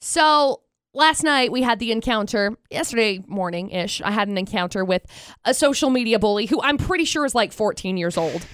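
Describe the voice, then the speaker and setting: Woman radio co-host, smooth higher voice, dry studio sound, casual self-deprecating chat. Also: animated, moderate pace, a bit bright, no room sound. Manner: chatty, self-deprecating storyteller. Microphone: studio microphone.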